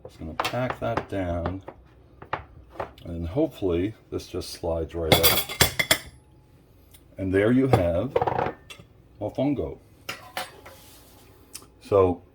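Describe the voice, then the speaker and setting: A man's voice: low voice, lively intonation, slow pace, long pauses, background noise. A man from Puerto Rico hosting a home cooking video, chatting casually to viewers as he works in a kitchen. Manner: chatty, talks straight to viewers as "folks". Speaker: cooking show host. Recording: clear clatter of dishes and utensils.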